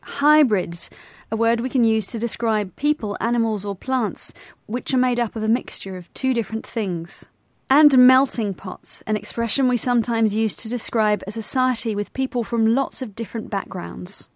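A woman co-presenting a scripted educational podcast, explaining vocabulary clearly. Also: on the high side, normal speed, dry recording, studio quality.

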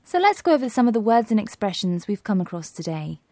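A woman with a mellow, warm tone hosts a scripted lesson, asking quiz questions and explaining terms clearly. The recording is dry and close. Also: medium pitch, very animated, fast talker, no echo. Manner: clear, quizzing. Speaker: co-presenter. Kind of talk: scripted educational podcast.

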